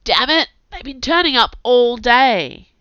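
A woman's voice: mid-range voice, measured pace, bright, forceful tone, clear, resonant tone, no echo. A woman voicing a sarcastic young male prince who complains and snarks, on a dull lo-fi recording. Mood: snarky. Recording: dull lo-fi sound.

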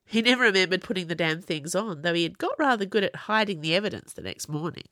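A woman narrating an audiobook in an expressive reading voice. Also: on the low side, quick pace, dry recording, clean studio sound.

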